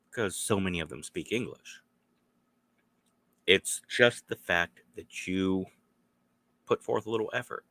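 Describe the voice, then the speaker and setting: A man rambles through a solo podcast, drifting between thoughts and acting out small exchanges. His voice sits very low and his delivery is unhurried. The recording is dry, with no room sound. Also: bright, forceful tone, dry recording. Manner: meandering, acts out little dialogues. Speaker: podcast host.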